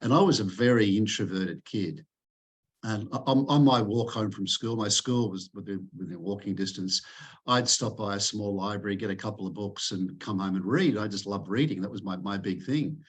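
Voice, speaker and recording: Australian man, lowish voice. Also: normal speed, breathy edge. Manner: repeats words when starting sentences. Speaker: podcast guest. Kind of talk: relaxed interview conversation.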